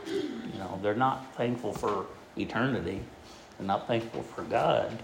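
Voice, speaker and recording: A man preaching a sermon in a folksy, halting way, with many fillers and restarts as he tells a joke. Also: fairly low pitch, lively intonation, creaky, echoey room, background noise.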